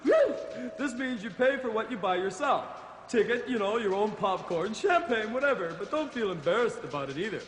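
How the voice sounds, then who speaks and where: Griselda, a brash, high-voiced vain lady voiced by a man. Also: expressive, moderate pace, fairly bright tone, roomy sound, long reverb tail, a little hiss or hum. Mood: flirty. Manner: brash and giggly, with cackling laughs. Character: vain, flirty woman giving advice. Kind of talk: 1970s TV sketch comedy.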